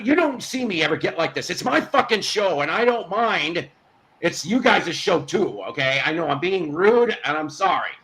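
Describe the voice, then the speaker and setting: A man hosts a casual live stream and rants at his chat, exasperated and fed up. His voice sits high and swings widely in pitch. It has a bright, forceful edge, and he stops and restarts a lot. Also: rough recording. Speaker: host.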